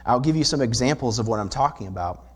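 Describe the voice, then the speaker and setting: A man's voice: mid-range voice, lively intonation, quick pace, breathy edge. Man preaching an earnest sermon. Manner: earnest, explanatory preaching with rhetorical questions. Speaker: pastor. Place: church sanctuary.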